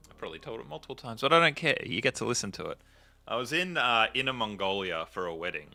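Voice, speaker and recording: A man's voice: low voice, pushed and bright. A man chatting and joking casually while playing a game, rambling into stories as he goes. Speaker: gaming video host. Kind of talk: casual gameplay commentary.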